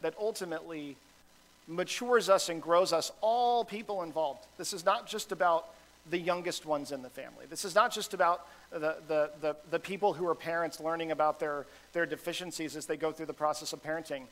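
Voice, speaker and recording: A man's voice: fairly high pitch, a little fast, a bit bright, poor audio. A man, a pastor with a son, preaching a sermon in a conversational, self-deprecating style full of fillers and restarts.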